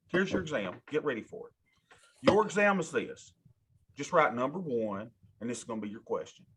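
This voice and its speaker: A man lecturing a college class, animated and folksy, talking straight to his students in a classroom. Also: medium pitch, breathy edge. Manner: animated, talks to students directly, folksy asides. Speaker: college instructor.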